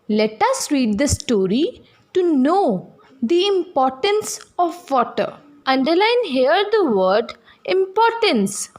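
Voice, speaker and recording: A woman teacher reads a lesson aloud to young children in a high, lively voice. She goes slowly and deliberately, spelling out each new word letter by letter and explaining what it means. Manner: explains vocabulary to young students. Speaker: primary school teacher. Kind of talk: classroom reading lesson.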